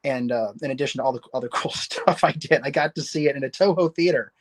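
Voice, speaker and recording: A man's voice: medium pitch, fast. A man chatting as a guest on a livestream, enthusiastic and rambling, often restarting his sentences. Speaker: guest, novelist. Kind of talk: casual livestream chat.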